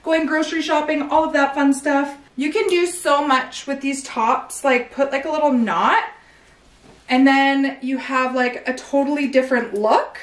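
A woman's voice: high voice, fairly even intonation, unhurried. A woman doing a casual clothing try-on haul, chatty and bubbly, full of slang and filler words. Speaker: clothing store owner showing new stock. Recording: echoey room, some distance from mic.

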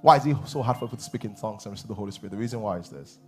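A man preaching a sermon as pastor, animated, laughing and acting out voices. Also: on the low side, rapid-fire, faint music behind. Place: church hall.

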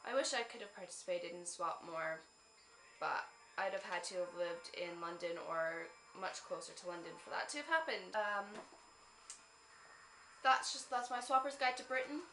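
Bright-voiced young woman, chatty and rambling. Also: fairly low pitch, lively intonation, moderate pace, roomy sound, slight background noise, rough recording. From Canada. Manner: chatty and rambling, with frequent ums and laughs. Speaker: vlogger. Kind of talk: casual vlog chat.

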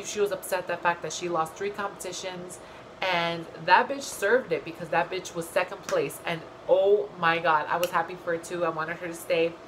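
A young woman talks straight to camera in a loose, gossipy recap, cursing freely and throwing in animated asides. Her voice sits a little low for a woman. A faint hiss of background noise runs under it. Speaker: vlogger. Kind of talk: casual reality-show recap.

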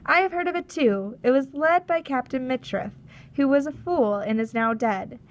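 A woman voicing a bold Russian sea captain, a tall man who bargains loudly and insistently in a storybook reading. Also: high voice, expressive, moderate pace, muffled recording, slight background noise, voice pushed up. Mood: bargaining. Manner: loud, insistent, pushy.

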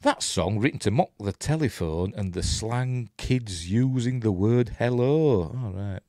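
A man with a Yorkshire accent talks over a film in a rambling, chatty way, slipping in chuckles and asides. His voice sits fairly low but swings up and down a lot. The sound is dry and close, with no room echo. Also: animated, unhurried, mellow. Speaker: host of a film watch-along channel. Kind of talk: casual running commentary while watching a film.

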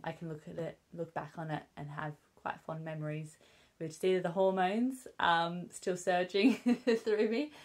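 A young woman with a British accent, chatting candidly to camera as a vlogger, with many fillers like "um" and "obviously". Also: fairly low pitch. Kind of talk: casual chat to camera. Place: at home with her newborn.

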